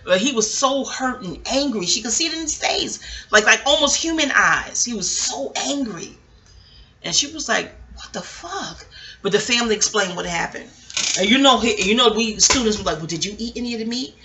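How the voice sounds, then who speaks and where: A woman's voice: fairly high pitch, animated, moderate pace, pushed and bright, a little hiss or hum. A woman vlogger telling a rambling, profane story straight to her viewers in a casual way.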